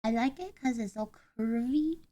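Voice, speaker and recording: A woman chatting casually while assembling a craft kit, deadpan and ironic, claiming to be calm before bursts of swearing. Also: a little high, moderate pace, lo-fi sound. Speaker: vlogger building a craft kit.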